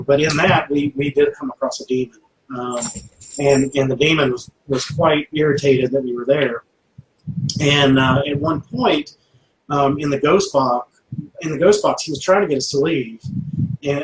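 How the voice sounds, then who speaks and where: Rambling man in an echoey room. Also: fairly high pitch. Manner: rambling, many fillers and restarts. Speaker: paranormal investigator guest. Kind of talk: casual chat. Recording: roomy echo, faint background noise.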